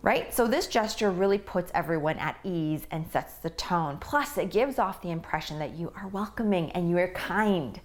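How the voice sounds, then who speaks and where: A woman speaking coach talks straight to camera in a scripted lesson. Her voice sits a little low for a woman. She punches key words and keeps checking in with the listener. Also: expressive, normal speed, hardly any pauses. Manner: clear, emphatic delivery with rhetorical "right?".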